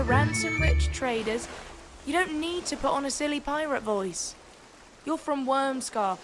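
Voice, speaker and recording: An actress playing a sarcastic, scheming female pirate captain. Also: high-pitched. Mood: exasperated. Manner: sarcastic, coaxing and bossy. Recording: game audio with faint music behind.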